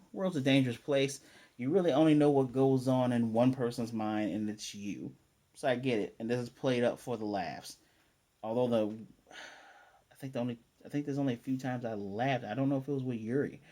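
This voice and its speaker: A man reviewing an anime episode in casual, animated, slangy chat. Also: medium pitch, normal speed.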